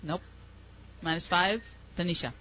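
A woman's voice: on the low side, measured pace, sharp tone, a little hiss or hum. A woman running a live spelling contest as quizmaster, encouraging and explaining words patiently. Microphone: microphone. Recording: muffled lo-fi recording.

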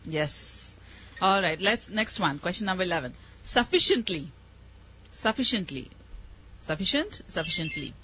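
Woman, spelling bee quizmaster, very animated pitch, patient explainer, muffled lo-fi sound. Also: normal speed, husky. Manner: encouraging, explains words patiently. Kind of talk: running a live spelling contest. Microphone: microphone. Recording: muffled lo-fi recording.

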